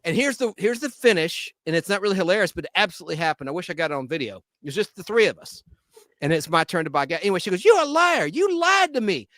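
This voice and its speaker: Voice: medium pitch, animated, racing, fairly bright tone, dry recording. A host telling a rambling anecdote during casual panel chat.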